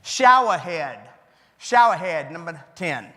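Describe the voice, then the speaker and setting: A man's voice: fairly high pitch, expressive, takes it slowly, pushed and bright. A man with a Cajun accent giving an interactive keynote speech in a folksy, chatty way, repeating the audience's answers back to them. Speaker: keynote speaker. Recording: hall reverb.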